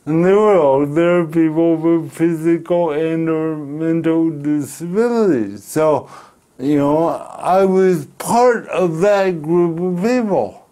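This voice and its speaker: A middle-aged man from Canada, telling a personal story in an interview, speaking slowly and deliberately with pauses. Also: fairly high pitch, warm tone. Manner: slow, deliberate speech with pauses and restarts. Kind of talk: reflective storytelling.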